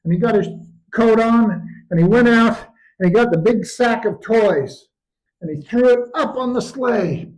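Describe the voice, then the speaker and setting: An older man telling stories in an animated, expressive way at a live storytelling performance. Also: high voice, a little slow, low-quality recording.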